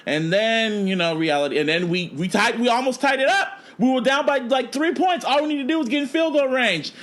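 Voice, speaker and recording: A man co-hosting a casual podcast, telling a story in an animated, profane way. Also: extremely high pitch, a little fast. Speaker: podcast co-host. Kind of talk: casual chat.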